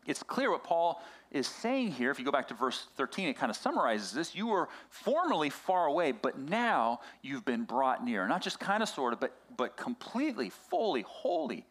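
A man's voice: on the high side, sing-song, normal speed, few pauses, fairly bright tone. A middle-aged man preaching a sermon as a pastor, telling a personal story with many restarts and asides.

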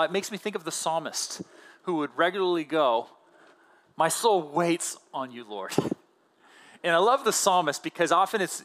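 A man in his thirties, a pastor giving a conversational sermon with casual fillers and animated emphasis. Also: fairly high pitch.

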